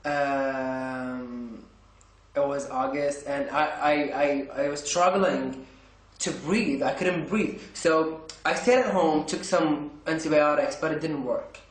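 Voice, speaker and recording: A man tells a story to camera in a casual vlog, his voice sitting a little high. He rambles, stumbling and restarting his phrases. The room around him rings with noticeable echo. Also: takes it slowly. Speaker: vlogger.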